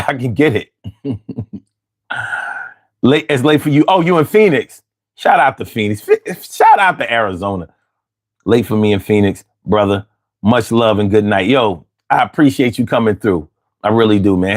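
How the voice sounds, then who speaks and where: Profane animated man ranting on a late stream. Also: mid-range voice, moderate pace. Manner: profane, animated, talks back to chat. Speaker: livestream host. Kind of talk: late-night livestream rant.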